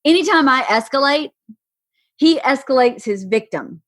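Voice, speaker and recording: Frank high-voiced woman podcast guest. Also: lively intonation, moderate pace, fairly bright tone. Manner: frank, candid, swears freely. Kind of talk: casual chat.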